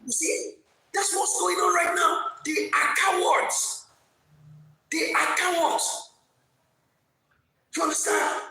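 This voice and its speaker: A woman's voice: extremely high pitch, little pitch movement, takes it slowly, creaky, long pauses, pushed and bright. A middle-aged woman giving a fiery commentary and repeating her points for force. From Lagos, Nigeria. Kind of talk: opinionated commentary monologue. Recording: very echoey room with faint music.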